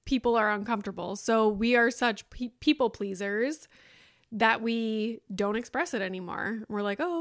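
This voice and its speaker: A woman's voice: on the high side, normal speed, no room sound, clean studio sound. A woman in her thirties hosting a casual solo podcast, talking candidly and profanely, now and then slipping into mocking quoted voices. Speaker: podcast host.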